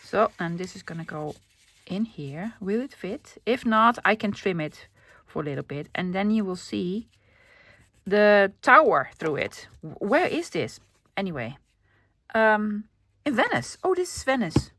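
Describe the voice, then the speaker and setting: A woman's voice: mid-range voice, sing-song, a little slow, dry recording. Chatty Dutch woman narrating crafts. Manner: chatty, self-narrating, often drops to a soft whisper. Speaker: crafting channel host. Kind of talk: casual crafting commentary.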